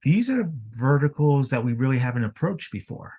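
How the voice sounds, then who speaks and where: A man talking business as a podcast guest, energetic and fond of rhetorical questions. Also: medium pitch, moderate pace, husky. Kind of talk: casual business chat.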